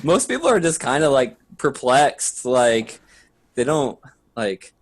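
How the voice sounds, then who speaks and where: Male podcast guest, relaxed, halting, mid-pitched conversational voice. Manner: hesitant, searching for words, laughs easily. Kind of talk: casual conversation.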